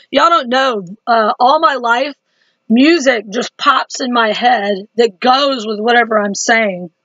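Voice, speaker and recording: Chatty high-voiced woman vlogging. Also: a little slow, fairly bright tone, no room sound, muffled recording. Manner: chatty, talks straight to viewers, laughs easily. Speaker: Christian vlogger. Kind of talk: casual religious video diary.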